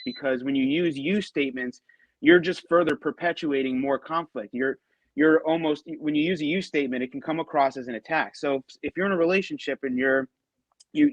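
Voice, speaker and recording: Male guest, thoughtful, restarts a lot, slightly high voice, dull dry sound. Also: no echo. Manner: thoughtful, many restarts and fillers. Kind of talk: casual podcast chat.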